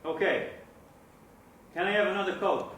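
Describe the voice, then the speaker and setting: A man's voice: high voice, steady tone, normal speed, a bit bright, slight background noise. An actor playing a menacing, foul-mouthed neighborhood gangster man. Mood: demanding. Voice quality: crude and intimidating. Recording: echoey room, mic at a distance.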